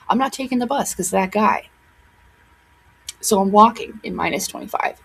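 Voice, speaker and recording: At home, a young woman vlogger talks casually to her camera, rambling emotionally with plenty of fillers and restarts. Her mid-range voice has a breathy edge, and the recording quality is low.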